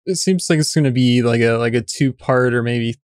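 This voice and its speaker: A man's voice: medium pitch, brisk, smooth, no echo, studio quality. A man co-hosting a casual chat about a TV episode, talking in an easy way with many fillers and restarts. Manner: even, relaxed, lots of fillers and restarts. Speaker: podcast co-host.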